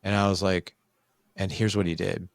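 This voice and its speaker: Gravelly low-voiced man telling a story. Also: moderate pace, no echo, studio quality. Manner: candid, animated, acts out quoted dialogue. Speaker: podcast guest. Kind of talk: casual storytelling in conversation.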